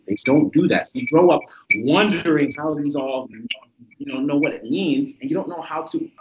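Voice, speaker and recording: A young man chats in a relaxed group conversation. He weighs his words and restarts sentences as he goes. The audio is muffled and lo-fi, with a faint hiss underneath. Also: medium pitch, normal speed. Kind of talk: casual group chat. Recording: dull lo-fi audio with faint noise.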